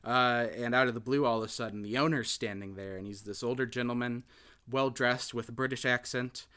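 A man talks through a movie's plot in a loose, chatty recap, stumbling over fillers and restarting his sentences. His voice is bright and forceful, with a smooth, crisp, clear tone. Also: mid-range voice, fairly even intonation, brisk. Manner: rambling, hesitant, many filler words and restarts. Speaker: podcast host recapping a film. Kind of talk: casual film recap chat.

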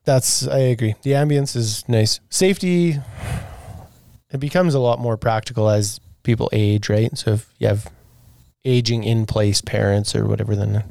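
A man's voice: fairly low pitch, vocal fry, warm tone, no echo. Easygoing man in dry podcast chat. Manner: easygoing, agreeable, quick back-and-forth. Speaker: deck salesman and co-host.

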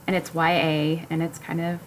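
A woman's voice: low voice, level tone, normal speed, a little hiss or hum, rough recording. A woman co-hosting a casual chat among friends, upbeat as she explains a book's plot in plain terms.

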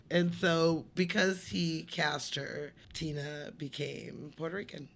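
A man with a bright, forceful voice and a gravelly edge tells a story on a casual podcast. He acts out the people he quotes and swears freely. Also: on the high side, flat delivery, takes it slowly, few pauses. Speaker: podcast co-host. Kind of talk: casual movie podcast chat.

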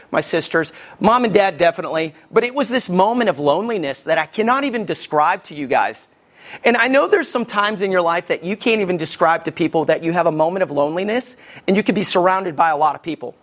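A middle-aged pastor from Alabama with a Southern American accent preaches a lively, conversational sermon, addressing his congregation directly. His voice sits high.

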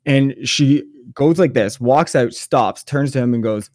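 A man spins a story on a podcast, sarcastic and full of swearing, with a mid-range voice. His telling is loose and animated, recorded dry and close with no room sound. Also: mid-range voice, a little slow, hardly any pauses, no echo. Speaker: podcast co-host. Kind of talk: casual storytelling chat.

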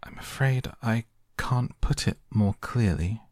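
A man's voice: on the low side, a little mellow, no room sound, studio quality, voice pushed up. Alice, a man reading as a polite young girl. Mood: earnest, polite. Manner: polite, slightly flustered, quickening when anxious.

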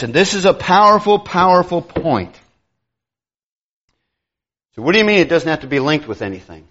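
A middle-aged man preaching a sermon, animated and conversational, acting out dialogue with quick asides. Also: on the high side, muffled recording.

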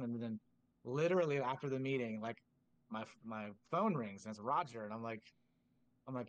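Animated man telling stories. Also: medium pitch, fairly quick, no room sound. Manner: animated, acts out quoted dialogue in a raised voice. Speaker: guest drumline instructor. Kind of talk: casual podcast storytelling.

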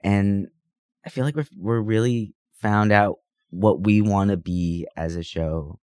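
A man's voice: on the low side, measured pace, a little mellow, clear, resonant tone, no echo, studio quality. A man co-hosting a podcast in casual chat, sick this week, talking in a rambling, enthusiastic way with lots of fillers. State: sick, under the weather. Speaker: podcast co-host. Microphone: podcast microphone.

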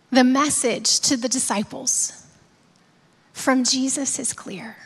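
A woman pastor giving a reflective sermon, often dropping to a soft whisper for emphasis. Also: high voice. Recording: long reverberant hall.

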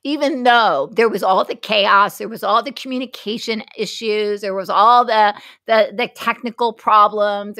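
Bright-voiced woman host, preaching. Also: medium pitch, no room sound, clean studio sound. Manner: encouraging, preachy. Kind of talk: Christian talk show.

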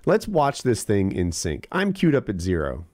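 A man's voice: lowish voice, wildly swooping pitch, moderate pace, darkish tone, dry recording. A man hosting a casual chat, easygoing and chatty with fillers. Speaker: host.

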